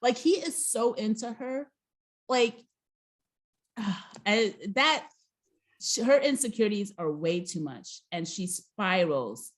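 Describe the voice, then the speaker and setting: A woman co-hosting a casual recap show, telling the story with lively, acted-out dialogue. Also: mid-range voice, takes it slowly. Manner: animated storyteller, acts out quoted dialogue.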